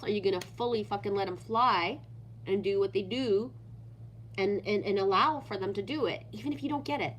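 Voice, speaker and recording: A woman's voice: medium pitch, normal speed, a little hiss or hum. A woman hosting a casual livestream, reading viewer comments aloud and ranting animatedly with constant swearing. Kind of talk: casual unscripted livestream chat.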